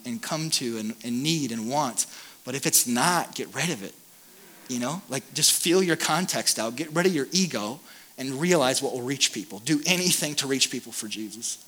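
A man in his thirties with a bright, slightly high voice, speaking as a pastor at a conference. He talks in a candid, self-deprecating way that gets animated. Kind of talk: conference talk.

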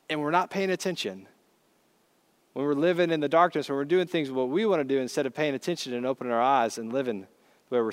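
Male preacher, high pitch, lively conversational sermon storyteller.

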